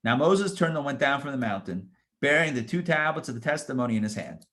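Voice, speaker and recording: A rabbi reading scripture verses aloud and explaining them in casual asides, with lively, emphatic rhetorical questions. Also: male voice, medium pitch, quick pace. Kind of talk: Torah study lesson.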